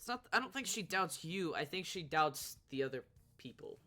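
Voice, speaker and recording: A game streamer giving casual, loud commentary while playing, swearing, joking and laughing often. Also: medium pitch, sing-song, normal speed. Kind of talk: casual let's-play commentary.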